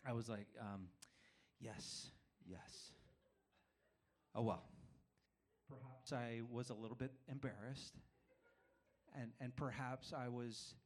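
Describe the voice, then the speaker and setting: A man preaching a sermon, telling a personal story in a self-deprecating way, with frequent restarts. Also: mid-range voice. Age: adult father of young children.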